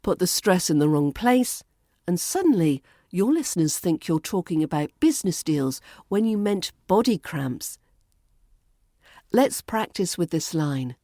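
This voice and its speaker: A woman with a British RP accent teaching pronunciation on a podcast, deliberately stretching out example words. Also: lowish voice, very animated, warm tone, no echo, studio quality. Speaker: accent coach.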